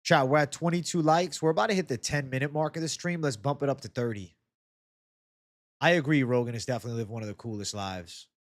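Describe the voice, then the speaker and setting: A man's voice: mid-range voice, fast, no echo, studio quality. Casual, swearing man hosting a live stream. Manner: chatty, reads and answers viewer comments, swears freely. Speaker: MMA YouTube host.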